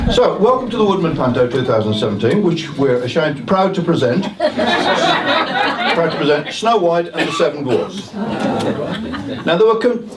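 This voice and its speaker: A man introducing an amateur pantomime to a live audience, chatty and self-mocking with jokey asides. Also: a little high. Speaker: pantomime compere. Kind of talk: comic stage introduction. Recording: echoey, distant live room, noisy.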